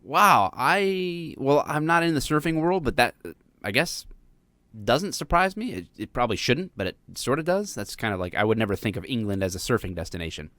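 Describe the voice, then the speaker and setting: A man's voice: mid-range voice, animated, a little fast, bright, forceful tone, no room sound. An American man hosting a live-streamed talk show, chatting casually and jokingly with plenty of fillers. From United States. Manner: rambling, jokey, lots of fillers.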